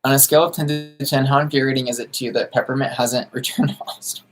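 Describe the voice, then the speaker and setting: A campy, sassy man talks casually on a livestream, firing back answers to his viewers in drag slang. He is from the United States and keeps chatting while he does his makeup. His voice sits at a middling pitch for a man. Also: fairly even intonation, quick pace, faint music behind. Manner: doing makeup while talking. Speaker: drag queen streamer answering viewer questions.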